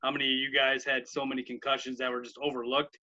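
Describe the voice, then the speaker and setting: A man co-hosting a baseball podcast, chatting with enthusiasm and asking quick questions. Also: mid-range voice, monotone, sharp tone. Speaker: podcast co-host. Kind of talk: casual chat. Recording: dull, lo-fi podcast audio.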